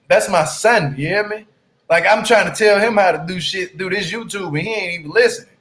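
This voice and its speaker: A man with a high voice rants through a reality show recap in loose, heated commentary. He is blunt and profane, and he stretches words out for emphasis. He keeps checking in with "you hear me?". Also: a bit bright. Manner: drawn-out emphatic phrasing. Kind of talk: casual ranting commentary.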